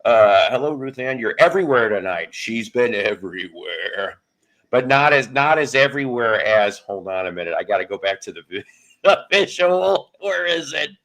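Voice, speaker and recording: A man's voice: medium pitch, animated, normal speed, a bit bright. A man in his fifties hosting a casual livestream, rambling through jokes and greeting viewers by name as he talks. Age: 50s. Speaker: livestream host.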